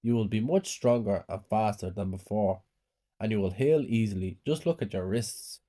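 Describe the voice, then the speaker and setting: A man voicing a calm, motherly female vampire in a storybook tale. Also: fairly low pitch, moderate pace, natural voice. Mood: reassuring.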